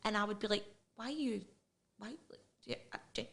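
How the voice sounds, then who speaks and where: A woman's voice: mid-range voice, quick pace, creaky, a bit bright. Frank Scottish woman telling her story. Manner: frank and emotional, with frequent restarts. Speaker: interview guest. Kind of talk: candid personal interview.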